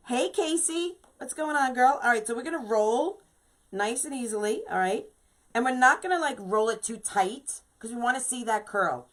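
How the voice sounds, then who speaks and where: Heard through a low-quality recording, a woman's slightly high voice carries a New York accent as she hosts a casual live wreath-making tutorial for her craft shop, chatting with viewers and frequently tossing in "you know."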